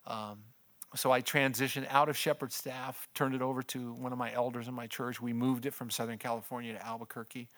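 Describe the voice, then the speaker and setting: A man's voice: level tone, brisk, a bit bright. An older man, a pastor and missions speaker, giving a conversational personal testimony and laughing often as he tells it. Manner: conversational storytelling, laughs often, voice drops low in heavy moments.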